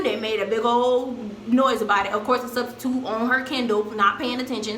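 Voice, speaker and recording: A young woman tells a story to her camera in a loose, slangy way and belts out the quoted lines. Her voice sits a little high and sounds bright and forceful. The room around her rings with echo. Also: fast, slight background noise. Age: young adult. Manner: animated, slangy storytelling with loud acted-out quotes. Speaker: vlogger. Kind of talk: storytime vlog.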